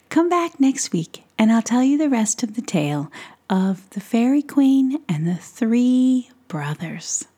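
A woman telling a fairy tale in a soft, hushed whisper as storyteller. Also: fairly high pitch, very animated, unhurried, slightly rough.

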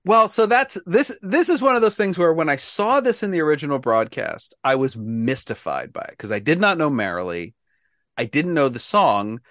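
A man's voice: on the high side, sing-song, normal speed, fairly bright tone, dry recording. Wry chatty man on a dry mic. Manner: wry, chatty, laughs at his own jokes. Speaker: podcast host. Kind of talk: casual chat.

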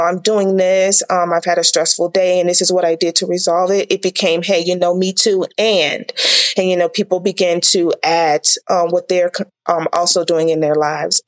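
A woman being interviewed as a small business owner, talking earnestly and reflectively with frequent fillers and restarts in a casual conversation. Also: fairly low pitch. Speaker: tea business owner guest.

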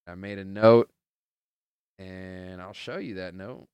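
Young male podcast host, very low and smooth voice, loose and profane, rambling storyteller. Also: steady tone, slow, a little mellow, no room sound, clean studio sound. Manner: rambling and profane, heavy on filler words; loose storyteller who plays out the people in his stories. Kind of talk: casual chat.

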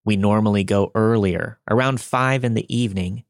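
A man reading listener-submitted true scary stories aloud in a steady, measured, somber storytelling manner. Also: lowish voice, no room sound, clean studio sound. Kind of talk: scripted narration.

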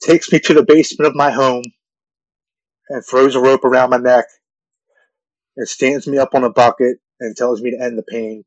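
A man in his forties telling a deeply personal story in an earnest, halting way, often repeating words when moved. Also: dry recording, muffled recording. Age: 40s.

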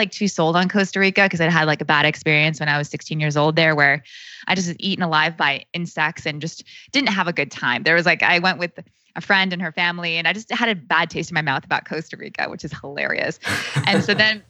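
A woman's voice: lowish voice, bright, forceful tone, no room sound, highs cut off. A woman in her thirties, a podcast guest, telling a personal story in a chatty, casual way with lots of fillers. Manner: chatty, heavy use of "like", acts out quoted speech.

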